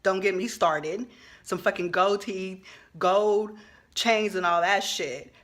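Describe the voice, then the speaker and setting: A woman in her thirties, a social worker, delivers a heated monologue to her viewers. Her voice is bright and forceful, and she cuts through the talk with blunt profanity. She speaks with urgent, driven emphasis and swells into loud outbursts. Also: mid-range voice, slow. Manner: passionate, emphatic, swears freely, rising to outbursts. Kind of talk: impassioned vlog monologue.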